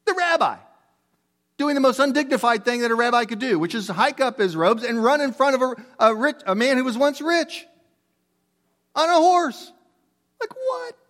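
A man in his sixties preaching a sermon as a pastor, telling stories in an animated, emphatic way with casual asides. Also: extremely high pitch, fairly quick.

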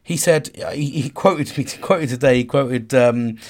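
A man's voice: mid-range voice, measured pace. A man in his forties speaking frankly about his own struggles, swearing freely, restarting sentences and searching for words. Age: 40s. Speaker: vlogger. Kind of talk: candid personal monologue.

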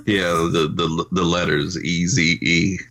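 A man's voice: low-pitched, little pitch movement, measured pace, fairly bright tone. A man co-hosting a podcast, chiming in with short, laid-back comments during a casual movie chat. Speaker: podcast co-host.

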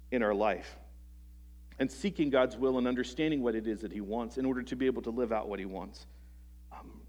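A man preaching a sermon to a congregation. He is earnest, asks them rhetorical questions, restarts phrases often and lets his sentences trail off softly. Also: medium pitch. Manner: halting restarts, soft trailing phrase ends. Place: church service before a congregation.

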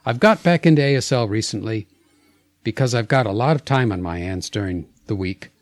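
A man's voice: fairly low pitch, lively intonation, a little fast, no room sound, natural voice. Hammy mock Aussie outback man, a male host doing the accent, dry close sound. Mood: earnest. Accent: mock Australian. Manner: hammy put-on reading of a fan letter. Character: rough-voiced Australian outback man, long-haul commuter. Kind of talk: podcast letter reading.

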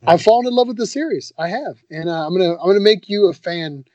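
A man's voice: high voice, animated, quick pace, darkish tone, dry recording. A man co-hosting a podcast in casual chat, enthusiastic and laid-back, often saying "man" and "dude". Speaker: podcast co-host.

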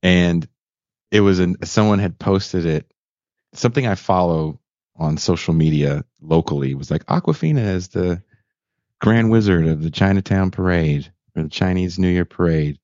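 A man hosting a podcast, chatting casually and telling animated, joking stories. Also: sits low, normal speed, no room sound. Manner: animated, laughing, storytelling. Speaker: podcast host. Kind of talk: casual chat. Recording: dull lo-fi sound.

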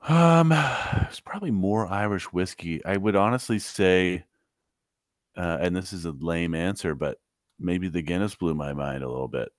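A man with a very low, deep voice talks casually as a podcast co-host. He tells stories with a dry, joking, relaxed manner. The recording is close and dead, with no room sound. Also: moderate pace, dry recording. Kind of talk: casual chat. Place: podcast studio.

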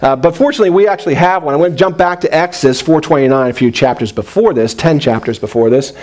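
A middle-aged man preaching a sermon in an animated way, with joking asides and quoted voices. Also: on the high side, fast. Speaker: pastor.

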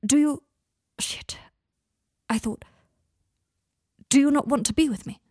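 A woman's voice: high-pitched, very animated, moderate pace, creaky, breathy edge, no room sound, clean studio sound, pitched above the performer's own voice, exaggerated voice. A woman voicing a posh, dramatic young wizard man who drifts between drowsy and flustered, in an audiobook story reading. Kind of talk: audiobook fan fiction reading.

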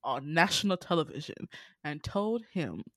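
Animated Southern woman podcast host. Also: low voice, moderate pace, no room sound. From Georgia, US. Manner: animated, profane, dramatic voice swings. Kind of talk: casual podcast storytelling.

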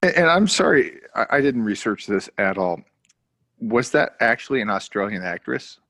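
A man's voice: mid-range voice, big pitch swings, normal speed, fairly bright tone, dry recording. A man co-hosting a casual movie review podcast, defending his opinions with long asides. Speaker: podcast co-host.

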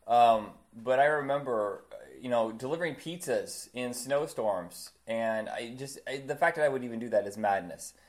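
A man's voice: mid-range voice, moderate pace, few pauses. A man from Indiana in his thirties, telling stories in casual chat, swearing freely and acting out voices. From Indiana, USA.

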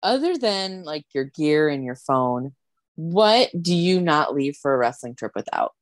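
A woman's voice: sits low, very animated, unhurried, no echo. A woman hosting a casual podcast interview, laughing easily and encouraging her guest. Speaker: podcast host.

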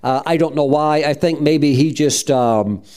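A man's voice: fairly high pitch, unhurried, a little mellow, clean tone. A man preaching and telling his own story in a rambling, conversational way, with frequent restarts. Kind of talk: testimony sermon.

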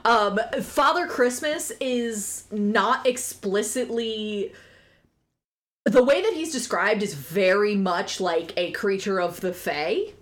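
A woman's voice: medium pitch, takes it slowly. A woman co-hosting a podcast in casual chat, wry and dry, explaining books with literary references. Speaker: podcast co-host.

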